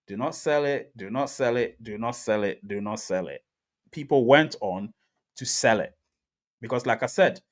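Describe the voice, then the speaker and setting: A man hosting a live crypto reaction stream, talking emphatically to his chat, repeating himself and laughing often. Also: mid-range voice. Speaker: crypto livestream host.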